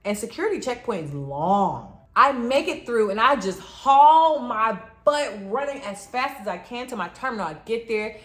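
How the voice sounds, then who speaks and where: A young woman telling a dramatic travel story to her viewers in an animated vlog. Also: a little high, moderate pace, few pauses. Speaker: travel vlogger.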